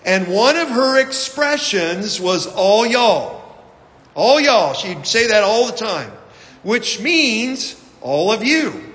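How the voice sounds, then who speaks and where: A man's voice: high-pitched, big pitch swings, takes it slowly, sharp tone. A male pastor delivering a sermon in a church, reading scripture and telling folksy, self-deprecating stories with frequent fillers. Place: church sanctuary. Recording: long hall reverb.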